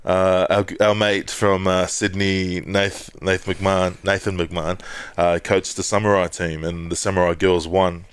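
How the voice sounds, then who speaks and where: Low-voiced man telling stories. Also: unhurried, few pauses, smooth, no echo. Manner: swearing, animated storytelling with put-on quotes. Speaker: podcast co-host. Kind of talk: casual chat.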